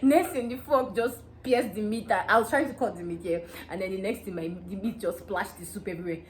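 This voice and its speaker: Fast-talking Nigerian woman telling gist. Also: mid-range voice, slight background noise. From Nigeria, Delta State. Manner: animated and excitable, breaks into laughter. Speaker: vlogger. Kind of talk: casual storytelling gist.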